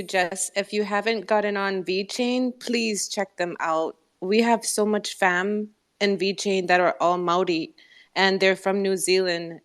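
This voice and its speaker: Woman guest, enthusiastic, ordinary pitch. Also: fairly bright tone. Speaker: audience speaker. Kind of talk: casual live audio chat.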